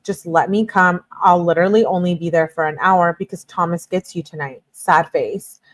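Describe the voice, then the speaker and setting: Lower-voiced woman reading texts aloud. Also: normal speed. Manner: plain read-aloud delivery broken by exasperated asides. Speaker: true-crime commentary host. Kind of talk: reading text messages aloud with commentary.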